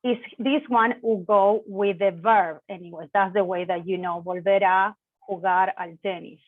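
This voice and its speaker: A Spanish teacher, a native Spanish speaker, gives an online language lesson, explaining slowly, correcting herself, and mixing in Spanish examples. Her mid-range voice is steady. The sound is tinny and phone-like with no room echo.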